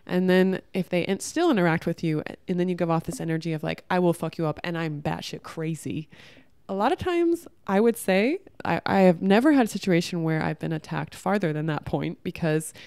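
A woman vlogger with a low, gravelly voice talks to her camera in a loose, rambling way, dropping "like" into almost every phrase. Her tone is dark and mellow, and her voice stays smooth and clear. The sound is dry and close. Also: brisk, few pauses, dry recording. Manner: rambling, heavy use of "like"; reflective, candid. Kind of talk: casual spiritual monologue to camera.

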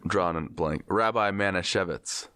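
A man co-hosting a podcast in casual crude banter, laid-back with deadpan jokes. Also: low voice, normal speed, clean tone. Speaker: podcast co-host.

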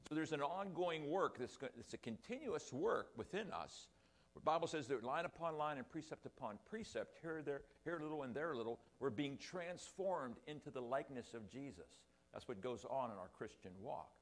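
A man's voice: medium pitch, lively intonation, moderate pace. Older male pastor, rambling sermon. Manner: rambling, self-deprecating asides. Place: church sanctuary.

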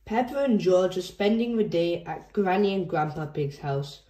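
A woman reading a children's picture book aloud in a gentle storytelling manner. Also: fairly low pitch, lively intonation, moderate pace. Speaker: storybook reader.

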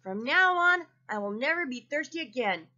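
Woman voicing a storybook armadillo, male, tattletale, high squeaky voice, lively, dull lo-fi sound. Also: moderate pace. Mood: excited. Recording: dull lo-fi recording.

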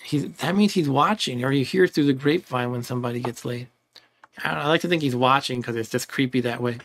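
A man's voice: medium pitch, fast, a little hiss or hum. Chatty man narrating a game playthrough. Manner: rambling, chuckling, reads game text aloud. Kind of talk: casual let's-play commentary.

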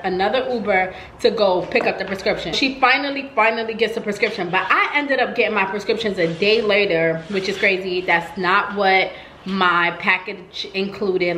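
A woman vlogger chats through a storytime in a casual, animated way, leaning on "like" as she goes. Her voice is bright and forceful. The sound has a roomy echo with a faint hum behind it. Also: mid-range voice. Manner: chatty, animated, heavy use of "like".

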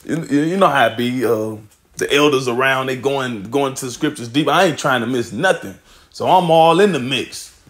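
A man's voice: mid-range voice, moderate pace, fairly bright tone. A man teaching scripture in a loose, casual way, swearing and laughing often as he reads verses aloud.

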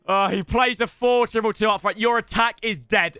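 A young man, chatting casually as he rates viewers' football game teams, swearing and breaking into loud yells. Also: sits high, moderate pace, few pauses, clean tone, dry recording, soft background music. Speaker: FIFA YouTuber rating viewer teams. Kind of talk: casual gaming commentary.

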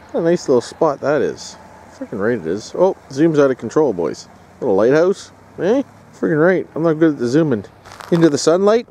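A man's voice: on the high side, dark tone. A man talking casually to his viewers while driving, folksy and chatty, ending lines with "eh" and "boys". He films on a handheld camera from the car. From Canada. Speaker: vlogger. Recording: noisy car and street sound. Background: car and outdoor noise.

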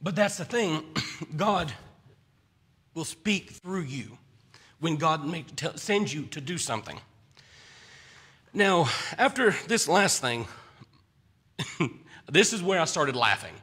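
Guy giving a casual sermon, kinda husky, bright edgy tone, trips over his words a lot. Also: fairly high pitch, very animated, slow pace, pauses often. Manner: stumbles over his words, restarts often. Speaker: preacher. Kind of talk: conversational sermon.

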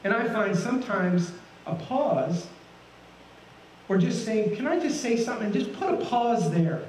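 A man's voice: high voice, animated, unhurried, a little mellow, slight background noise. A middle-aged man preaching a sermon as a guest pastor, folksy and asking the congregation many questions. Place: church sanctuary. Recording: roomy, from a distance.

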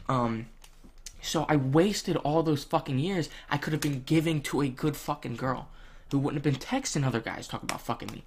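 A young man, ranting bluntly to camera in casual vlog talk, swearing a lot and filling pauses with ums. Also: a little high, animated, vocal fry, a bit bright, breathy edge. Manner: blunt, profane, heated, with many ums. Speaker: vlogger.

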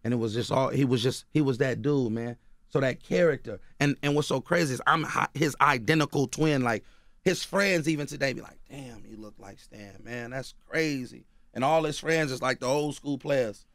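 A man's voice: medium pitch, brisk, a bit bright, no room sound. Bay guy on a radio show, chill storytelling, lots of "you know what i mean", dead dry studio sound. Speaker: guest author and rapper. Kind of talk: casual radio interview.

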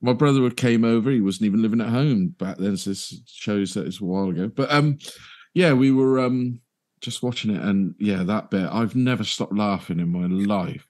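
A man's voice: lowish voice, normal speed, a little mellow. A British man on a podcast, telling a story with fond enthusiasm in casual chat. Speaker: podcast guest.

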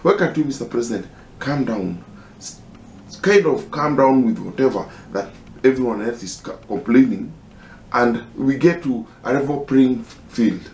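A man with a Kenyan accent making an impassioned, halting personal appeal, pleading and repeating himself. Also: medium pitch, expressive, a little mellow, roomy sound, a little hiss or hum. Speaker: concerned citizen.

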